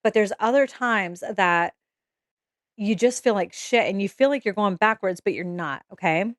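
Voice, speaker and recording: A woman's voice: mid-range voice, moderate pace, no room sound, clean studio sound. A young woman giving a casual, emotional tarot reading to camera, swearing freely and checking in with "okay?" as she goes. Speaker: tarot reader.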